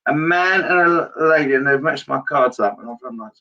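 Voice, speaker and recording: Higher-voiced man giving a halting live reading. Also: vocal fry, bright, forceful tone, distant mic, muffled recording. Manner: halting, repeats his phrases, turns emotional. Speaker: psychic medium. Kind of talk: live-streamed reading to viewers.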